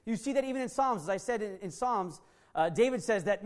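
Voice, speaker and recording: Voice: medium pitch, lively intonation, fairly quick. An earnest preacher delivers a sermon, circling back to the same key phrases again and again. Sentences often break off and restart mid-thought as the point is pressed home.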